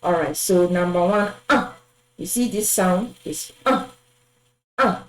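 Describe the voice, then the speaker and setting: Slow-speaking woman teaching French numbers. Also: lowish voice, roomy sound, poor audio. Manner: slow, repeats each word twice, fillers. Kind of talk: language lesson, drilling numbers.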